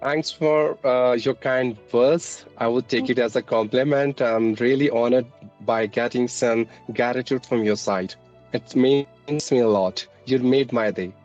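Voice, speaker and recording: A man's voice: medium pitch, a little slow, darkish tone, muffled recording. Earnest, formal man from India. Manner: formal and earnest, polite "ma'am". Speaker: English teacher, channel host. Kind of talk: conversational interview. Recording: faint background music.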